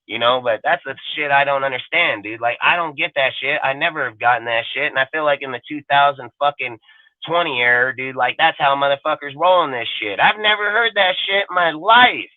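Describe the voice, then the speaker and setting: A man's voice: mid-range voice, fairly quick, no room sound. Ranting profane man, tinny phone-like sound. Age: 40s. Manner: crude, heated, rambling, constant swearing. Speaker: podcast co-host. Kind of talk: profane sports talk rant. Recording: tinny phone-like audio, dry.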